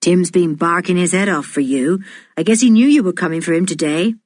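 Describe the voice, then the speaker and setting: A cheerful, easygoing fisher boy, pitched a touch lower than the reader's own voice, as a woman plays him. The breathy tone is dry and close. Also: a little fast, darkish tone, no room sound, close to an everyday voice. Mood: friendly.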